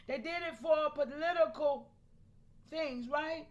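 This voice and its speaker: A high-pitched woman speaking hosts a live stream. She talks animatedly, often breaking off to call out to her viewers and laughing between points. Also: animated, unhurried, fairly bright tone, dull audio. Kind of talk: casual live-stream talk to chat.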